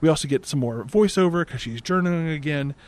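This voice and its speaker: Young man, comedic movie recap host, sarcastic, exasperated, swears, slightly high voice, boom-arm desk mic. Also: fast talker, a little mellow.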